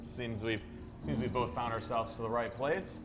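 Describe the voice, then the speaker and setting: A man's voice: medium pitch, moderate pace, voice pushed up, natural voice. A man voicing a human soldier who bluffs in a breezy, placating way. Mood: smooth. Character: smooth-talking human soldier bluffing his way in. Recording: background music under voices.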